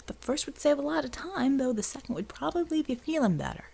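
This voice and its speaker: A woman's voice: high-pitched, expressive, quick pace, creaky, dark tone, pitched above the performer's own voice. A woman voicing a blunt, seasoned male soldier in an audiobook, drawling slang with wry impatience. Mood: exasperated. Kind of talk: audiobook character voice.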